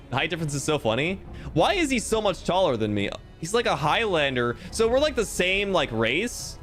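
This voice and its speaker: A man streaming a game, chatting casually with animated, jokey, sometimes crude asides over faint game music. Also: on the high side, a little fast. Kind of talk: casual let's-play commentary.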